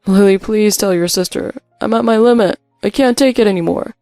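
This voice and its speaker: A grown man whines and begs, his voice climbing high and loud, as a woman puts him on. There is a gravelly catch at the bottom of his tone. He sounds petulant and stretched thin. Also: fairly even intonation, normal speed, dry recording, clean studio sound, soft background music, close to an everyday voice. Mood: whiny pleading. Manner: whining, pleading, high-strung. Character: whiny grown husband, pleading and petulant.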